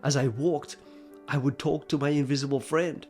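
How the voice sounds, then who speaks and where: A man telling a personal faith story in an expressive, dramatic way, moving between hushed and emphatic delivery. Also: fairly high pitch, normal speed, faint music behind.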